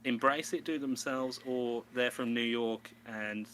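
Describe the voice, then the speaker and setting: Rambling through a casual chat, this male podcast co-host laughs a lot and slips into a mock New York voice. His mid-range voice is fairly bright, his intonation fairly even, and he speaks unhurriedly over slight background noise.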